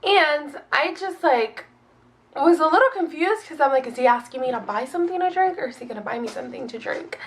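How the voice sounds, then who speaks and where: A young woman with a fairly high voice tells a personal story in relaxed, rambling fashion. She fills her speech with "like" and acts out quoted lines from both sides. A slight sniffle from a runny nose runs through her talk. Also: brisk. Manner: chatty, lots of "like" and quoted dialogue. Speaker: vlogger telling a dating story. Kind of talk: casual storytime.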